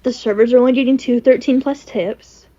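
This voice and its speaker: A woman's voice: a little high, steady tone, brisk, dark tone. A young woman chatting casually on a podcast, emphatic and repeating words. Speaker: podcast co-host. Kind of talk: casual chat. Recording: dull lo-fi recording.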